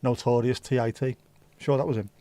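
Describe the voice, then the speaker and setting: A man's voice: medium pitch, steady tone, fairly quick, warm tone, dry recording. A tired man hosting a casual livestream, rambling and reacting to chat with the odd swear word. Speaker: livestream host.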